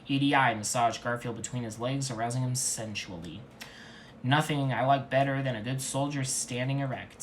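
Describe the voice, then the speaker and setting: A man reads absurd fanfiction aloud in a dead-serious, mock-earnest voice. His pitch sits in the middle, and the delivery stays even and steady. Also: slight background noise. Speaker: fanfiction reader. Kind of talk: comedic deadpan story reading.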